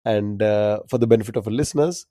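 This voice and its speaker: Male trivia co-host, relaxed and chuckling, warm tone, dry close sound. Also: on the low side, quick pace, no echo. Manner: laughs often, easygoing. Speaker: podcast co-host. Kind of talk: casual trivia chat.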